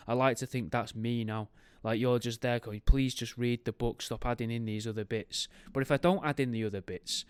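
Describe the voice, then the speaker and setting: A man's voice: mid-range voice, smooth, no echo. A man hosting a podcast, reading a history book aloud and breaking off into wry, joking tangents. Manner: wry, goes off on tangents, makes jokey asides while reading. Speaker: podcast host.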